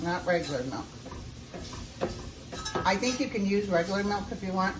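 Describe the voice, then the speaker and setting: A woman's voice: lowish voice, noisy background. Chatty woman cooking in a kitchen. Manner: chatty and folksy, talks straight to viewers. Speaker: home cook showing a recipe. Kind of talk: casual cooking vlog. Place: home kitchen. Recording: roomy sound from a distance.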